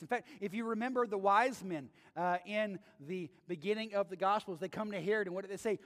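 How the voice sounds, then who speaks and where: Sitting high and moving a little fast with few pauses, this man's voice delivers a conversational sermon. As a pastor, he keeps checking in with listeners through "right?" while the church sanctuary adds a long reverb.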